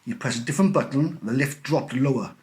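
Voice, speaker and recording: A male teacher reading a children's storybook aloud in an expressive, animated way. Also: mid-range voice, fast talker.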